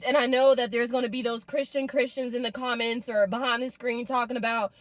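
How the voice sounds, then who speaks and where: A woman's voice: fairly high pitch, little pitch movement, brisk, few pauses, dry recording. Candid young woman vlogging, close and dry. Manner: heartfelt, tearful at times, repetitive and candid. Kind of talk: emotional confessional vlog.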